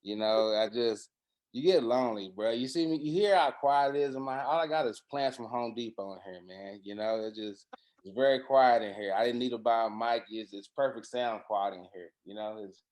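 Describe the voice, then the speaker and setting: A man telling loose, profane, slang-heavy stories in a casual chat, recorded in a quiet room at home. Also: medium pitch, a little fast. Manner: animated, profane storyteller with slang. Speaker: podcast guest.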